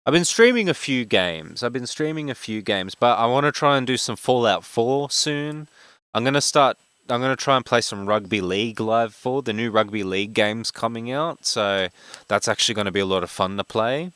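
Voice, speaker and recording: A man in his twenties from Australia with a broad Western Sydney accent, a game streamer who talks fast and rambles with many fillers in casual chat. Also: medium pitch, expressive, fairly bright tone, clean tone, no room sound. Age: 20s.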